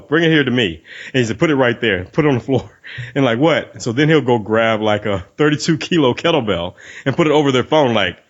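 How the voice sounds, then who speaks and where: A man hosts a relaxed podcast with a mid-range voice, telling gym stories with plenty of energy. He acts out other people's lines and laughs easily between them. The audio is a little dull and lo-fi. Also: mid-range voice. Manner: animated storyteller who acts out quoted lines; laughs often, swears casually. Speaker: podcast host. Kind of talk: casual podcast chat.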